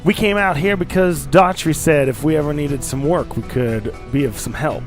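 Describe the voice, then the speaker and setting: A man's voice: fairly high pitch, moderate pace, faint music behind, voice pushed up, lightly acted. A man voicing a male adventurer making up an excuse in a plain voice. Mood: bluffing.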